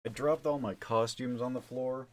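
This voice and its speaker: Male streamer, mid-pitched, joking and profane, casual chat with viewers. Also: fairly even intonation, moderate pace. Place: small hot room at home.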